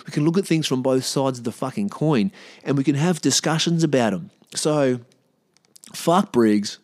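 A man with an Australian accent, hosting a podcast in a casual monologue, blunt and profane, his pitch and volume jumping up when he gets worked up. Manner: profane, heated and blunt, with sudden rises in pitch and loudness. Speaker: podcast host.

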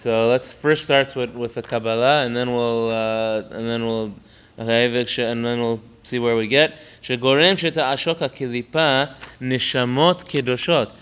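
A man's voice: fairly even intonation, measured pace, a bit bright, smooth. A man teaching a religious text line by line, stopping often to restart a phrase and raising his voice on key points. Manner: rises in pitch and volume to stress key points. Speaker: Torah teacher. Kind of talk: text study lesson.

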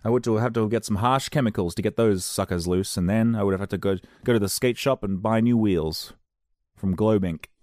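Try-hard fake skater, hammy and loud, a man putting it on. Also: brisk, no room sound, clean studio sound, natural voice. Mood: goofy. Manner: exaggerated, goofy, higher-pitched. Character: overeager undercover man faking skater slang.

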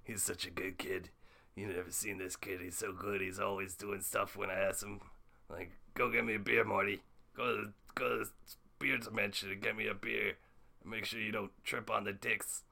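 A man's voice: lowish voice, little pitch movement, moderate pace, vocal fry, sharp tone, voice pushed down, heavily acted. A man doing a comedic impression of a cranky old mad scientist who rambles and stammers through fillers. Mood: boastful.

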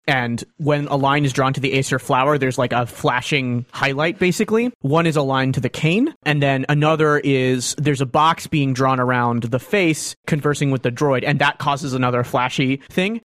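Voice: medium pitch, no room sound, clean studio sound. A tabletop player narrating a character's actions at length, with frequent fillers. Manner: descriptive, with many fillers.

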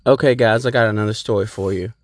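A man's voice: fairly low pitch, fairly even intonation, fast talker, no echo. A man hosting a podcast, telling a rambling, profane story in a laid-back, casual way. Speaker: podcast host.

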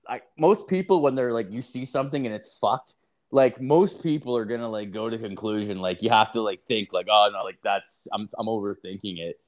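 Profane rambling man. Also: lowish voice. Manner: rambling profane storytelling, heavy filler. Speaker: podcast co-host. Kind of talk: casual chat.

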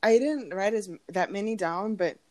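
A young woman co-hosting a podcast in a casual chat, animated and giggly, with many fillers. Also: moderate pace. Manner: giggly, animated, lots of fillers, acts out quotes in a high voice. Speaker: podcast co-host.

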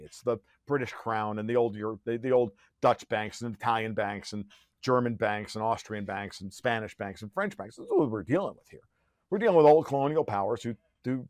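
A man's voice: mid-range voice, darkish tone, no echo, studio quality. A man speaking as a podcast guest in a heated, profane rant, full of restarts and sarcastic jabs. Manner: profane, rapid restarts and filler-heavy; sarcastic and mocking. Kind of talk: heated conversational ranting.

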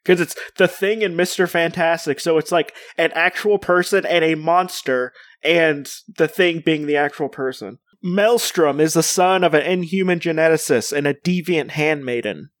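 A man's voice: fairly high pitch, normal speed, hardly any pauses, dry recording. Rambling, filler-heavy man on a podcast. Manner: rambling, full of "like" fillers and restarts. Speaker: podcast co-host. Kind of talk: casual chat.

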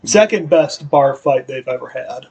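A man's voice: medium pitch, lively intonation, a little slow, gravelly, a little mellow, breathy edge, rough recording. A man co-hosting a podcast, rambling through a casual recap with fillers and acted-out dialogue. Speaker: podcast co-host. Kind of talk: casual chat recapping a TV episode.

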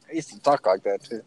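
A man's voice: fairly high pitch, a little mellow, slight background noise. A man with a Southern US accent co-hosting a casual, profane, joking chat show. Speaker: podcast co-host.

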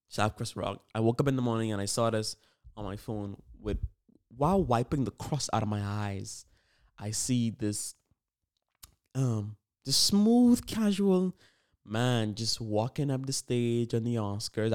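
A man hosting a casual solo podcast, rambling and animated with lots of fillers, hyping things up. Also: mid-range voice, clean tone. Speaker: podcast host.

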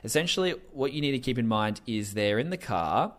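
A man hosting a casual commentary podcast, animated and profane, laughing often as he talks. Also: mid-range voice, brisk. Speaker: podcast host.

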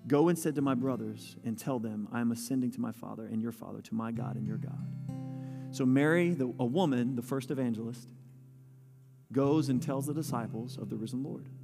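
A man's voice: medium pitch, brisk, vocal fry, warm tone. A man preaching a sermon, reading scripture aloud and putting questions to his listeners. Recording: long hall reverb with faint music.

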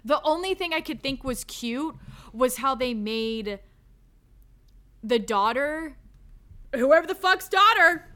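A woman co-hosting a casual movie discussion, ranting in an animated, exasperated way with lots of "like". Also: high voice, slow pace, long pauses. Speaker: podcast co-host. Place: recorded live.

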